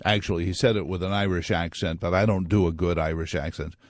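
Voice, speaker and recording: Low-pitched male talk radio host, dry studio mic, wry digressive monologue with quick jokes. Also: fairly even intonation, no echo.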